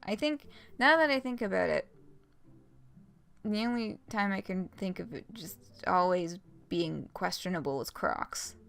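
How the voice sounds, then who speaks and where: A woman's voice: medium pitch, measured pace, creaky, a bit bright. A young adult woman streaming a game, chatting casually and rambling with lots of fillers and laughs. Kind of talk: casual let's-play chat.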